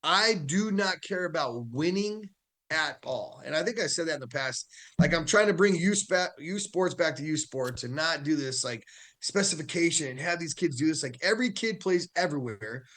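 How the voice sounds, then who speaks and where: Animated football coach, slightly high voice. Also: male voice, normal speed. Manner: animated storytelling, laughs often. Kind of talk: casual chat.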